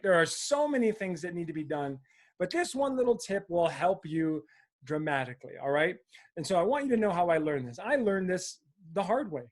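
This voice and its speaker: An enthusiastic male coach speaks straight to his viewers, pushing them to grow. His voice sits high for a man, and he keeps tossing in "right?" as he builds up steam. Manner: energetic, fired up, frequent "right?". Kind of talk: motivational talk to camera.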